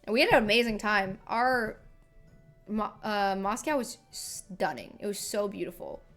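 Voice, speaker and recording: A woman's voice: mid-range voice, animated, a little slow, fairly bright tone, faint music behind. A young woman, a singer, chatting casually on a live stream into a desk microphone, rambling with lots of filler words.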